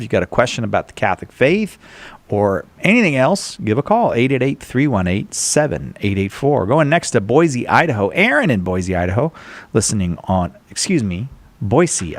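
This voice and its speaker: A man hosting a radio call-in on a studio mic, with a lively, swooping voice that sits dry and close. he keeps things moving and owns up to his slips with easy humor. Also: fairly low pitch, no room sound. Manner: lively, self-deprecating, quick to apologize. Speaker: radio call-in show host.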